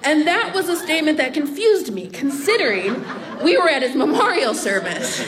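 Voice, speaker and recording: A young adult woman telling a comic personal story on stage at a live storytelling event, animated and laughing as she talks. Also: high-pitched, moderate pace, a crowd in the background. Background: audience laughter.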